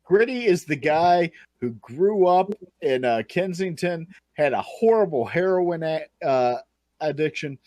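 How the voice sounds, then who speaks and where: A man's voice: a little high, animated, a little slow, darkish tone, no room sound. A man from the American South, co-hosting a comedy stream, telling laid-back anecdotes in casual chat. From Southern United States. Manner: laid-back anecdotal storytelling with acted quotes.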